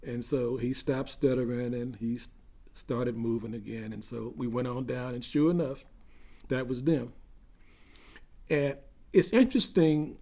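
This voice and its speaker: An older man with a mid-range voice speaks unhurriedly in an oral history interview. Recounting his memories, he becomes animated as he tells a story.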